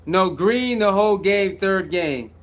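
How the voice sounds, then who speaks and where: With a high-pitched, animated voice that runs a little slow, a man hosts casual sports reaction commentary. He talks in slang, repeats himself, and calls out to his viewers.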